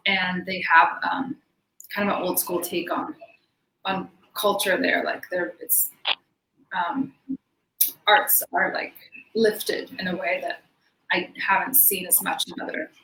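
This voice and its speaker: A woman's voice: fairly low pitch, slow, pauses often, sharp tone. A woman guest in a casual interview, talking in a chatty way with many fillers and laughs. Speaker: interview guest, belly dancer. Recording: echoey room with faint noise.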